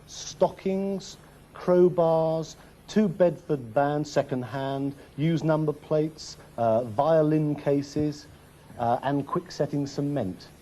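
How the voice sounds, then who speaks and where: A man playing a prim tax official, questioning dryly and deliberately. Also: fairly high pitch, dark tone.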